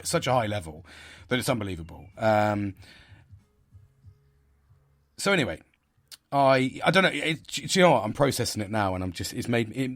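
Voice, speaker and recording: A man hosting a podcast, talking in a rambling, frustrated way with many restarts and fillers. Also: fairly low pitch. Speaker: podcast host. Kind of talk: casual monologue.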